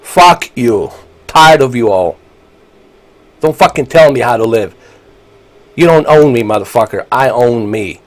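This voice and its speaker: A man's voice: medium pitch, lively intonation, measured pace, pauses often. A man, ranting angrily and profanely while live-streaming a game. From Bosnia. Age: 40s. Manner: angry, profane, combative.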